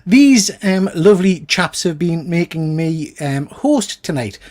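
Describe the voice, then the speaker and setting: A man's voice: a little high, sing-song, unhurried, darkish tone. A man co-hosting a show, playful and teasing, fond of puns in casual chat. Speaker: co-host.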